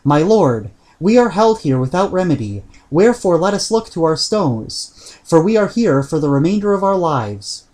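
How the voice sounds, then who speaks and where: A man's voice: a little high, very animated, moderate pace, a little mellow. A man voicing fearful medieval sailors in an audiobook reading, with grave archaic warnings.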